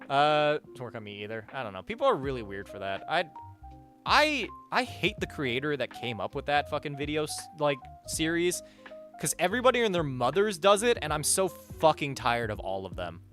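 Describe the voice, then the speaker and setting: Chatting on a casual livestream from home, a young-sounding man rambles and curses as he reads out donations. He talks at a moderate pace, his pitch and volume jumping around animatedly, with soft, faint music behind him.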